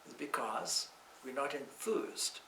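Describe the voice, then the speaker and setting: A man teaching scripture to a class, speaking calmly and reflectively, with slow, deliberate phrasing and everyday anecdotes. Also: mid-range voice, vocal fry, far from the mic, slight background noise. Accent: Irish. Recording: echoey room, speaker off-mic.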